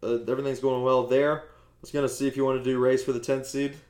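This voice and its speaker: A man's voice: medium pitch, flat delivery, fast, a little mellow, roomy sound. A man hosting a casual sports podcast, easygoing and rambling with fillers. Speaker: podcast host.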